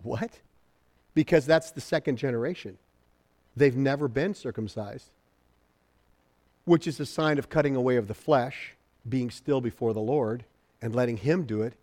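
A male pastor preaching a sermon, animated and acting out the people in his story, swinging between loud exclaiming and quiet, low asides. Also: normal speed, long pauses.

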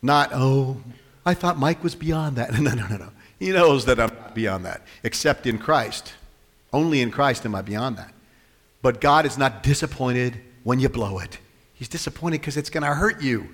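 A man preaching to his congregation, his voice sitting in a mid range. He keeps shifting between forceful bursts and hushed asides, acting out the quotes as he goes. His words hang in the long reverb of a church hall. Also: medium pitch, normal speed. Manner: animated, swings from loud to soft, acts out quotes. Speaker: pastor. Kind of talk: sermon.

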